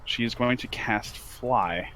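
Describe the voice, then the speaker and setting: A man playing a tabletop game, describing what his character does, slow and lively with sudden jumps in pitch. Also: a little hiss or hum. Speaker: player.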